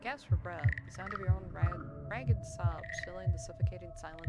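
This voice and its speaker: Young woman streamer, dramatic horror narration, loud game music behind. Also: fairly low pitch, brisk, creaky, hardly any pauses. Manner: dramatic narration broken by giggles and reactions. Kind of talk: reading a horror visual novel aloud.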